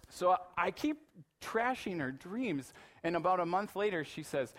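A middle-aged man preaching a sermon in an animated, playful way, acting out little voices in his asides. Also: fairly high pitch, a little fast. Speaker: pastor.

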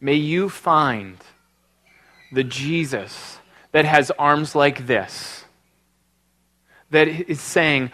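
A man's voice: fairly high pitch, extremely slow, pauses often, bright, forceful tone. A middle-aged man preaching a sermon, telling a personal story with earnest emotion and then leading a prayer. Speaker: pastor.

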